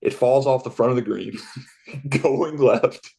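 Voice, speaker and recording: A man's voice: medium pitch, slow pace, vocal fry, dark tone, slightly rough. A young man, a golf caddy, telling a story on a casual podcast, acting out the dialogue and laughing often.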